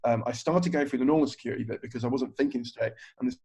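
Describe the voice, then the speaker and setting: A man's voice: medium pitch, fast talker, creaky, dark tone, breathy edge. A man, a stand-up comedian telling a story on a podcast, swearing freely and acting out other people's lines. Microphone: video call. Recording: dull, lo-fi video call audio.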